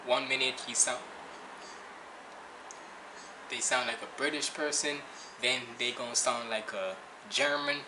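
A man's voice: medium pitch, moderate pace, echoey room, noisy background. A man hosting a reaction video, chatting casually in a rambling, loose way. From Jamaica. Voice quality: rambling, chatty, restarts a lot. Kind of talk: casual chat.

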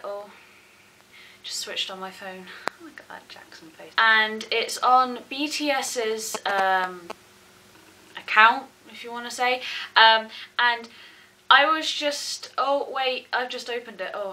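A woman chatting casually and gushing excitedly as she reacts to a video at home. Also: fairly high pitch, a little hiss or hum, poor audio. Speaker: reaction vlogger.

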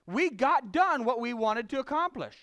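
A man preaching a conversational sermon, telling a folksy story with frequent restarts and swinging between loud emphasis and quiet confession. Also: very high voice, very animated, normal speed. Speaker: lay preacher.

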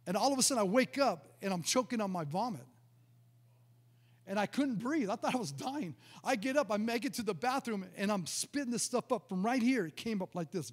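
A man's voice: sits high, brisk, long reverb tail. A male pastor preaching a sermon, telling a personal testimony in a storytelling way, often stumbling and repeating words. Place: church sanctuary.

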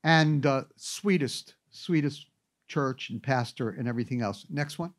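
A man's voice: mid-range voice, unhurried. A man giving an anecdotal classroom lecture, telling stories with wry asides. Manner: animated storyteller with wry asides.

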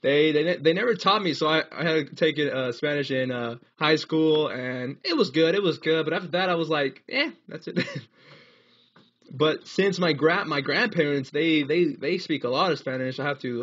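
Husky young man streaming a game. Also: fairly high pitch, moderate pace, fairly bright tone, lo-fi sound. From United States. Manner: rambling, laughs often, reads chat aloud. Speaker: livestreamer. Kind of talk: casual live gaming stream chat.

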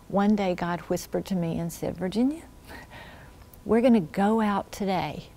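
At church, a woman shares her testimony of faith with earnest sincerity; her voice is mid-range, and it falls to a hush whenever she repeats the prayers she said.

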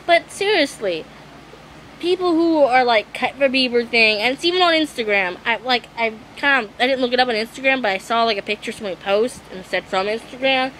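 A woman's voice: fairly high pitch, expressive, fairly quick, a bit bright, a little hiss or hum, rough recording. A young woman vlogging a rant, exasperated and swearing, apologizing often and losing her voice. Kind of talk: ranting vlog monologue.

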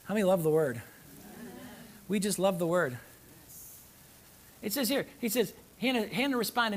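A male pastor preaching a sermon in a church, reading scripture aloud and repeating phrases, swinging between loud urgent emphasis and low, soft asides. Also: animated, moderate pace, pauses often. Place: church sanctuary.

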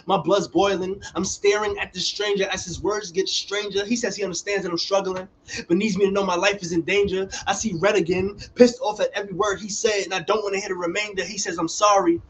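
A man's voice: sits high, a little fast, slight background noise, poor audio. A young man performing a dramatic spoken word poem that builds in intensity, then chatting casually about his work. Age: young adult. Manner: relaxed casual chat after the poem.

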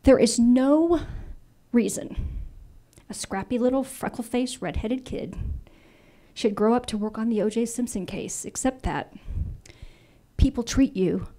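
A lively woman in her fifties tells a story to a live audience, her voice sitting a little high. She moves briskly through the tale and slips into the other characters' lines as she quotes them. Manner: animated, acts out quoted dialogue. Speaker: invited speaker.

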